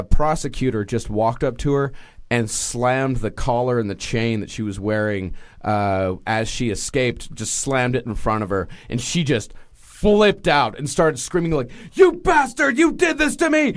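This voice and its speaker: A man's voice: mid-range voice, clear, resonant tone. A man co-hosting a podcast, telling a true-crime story casually with lots of fillers and restarts. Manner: rambling, full of fillers and restarts. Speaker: podcast co-host.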